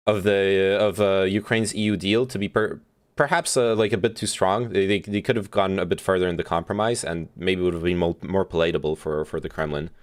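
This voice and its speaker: A man hosting a stream, giving casual commentary on a played speech in a halting way, with many fillers and restarts as he thinks aloud. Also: low-pitched, fairly even intonation. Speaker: streamer host.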